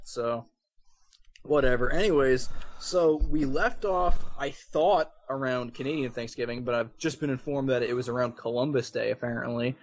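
Rambling New Jersey podcaster with a speech impediment. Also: male voice, mid-range voice. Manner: rambling, halting, many fillers and swearing. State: on cold medicine. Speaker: podcast co-host. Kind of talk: casual chat.

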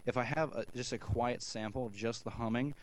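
A man's voice: mid-range voice, steady tone, a little fast. A man co-hosting a podcast in casual chat, rambling and swearing, with many restarts. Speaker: podcast co-host.

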